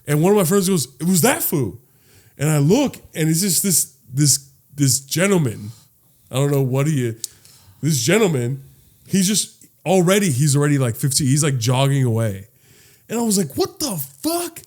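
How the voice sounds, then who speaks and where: Young man, podcast co-host, lively swooping voice, a bit high, profane storyteller. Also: normal speed. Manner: animated, profane storytelling with acted-out quotes. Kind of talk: casual chat, storytelling.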